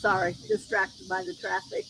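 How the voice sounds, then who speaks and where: A woman's voice: mid-range voice, big pitch swings, normal speed, creaky, background noise. A woman chatting casually on a livestream from outdoors, telling rambling stories and acting out what other people said, recorded on a phone. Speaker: livestream host. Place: outdoors near a road at night with insects. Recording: crickets and insects loud behind.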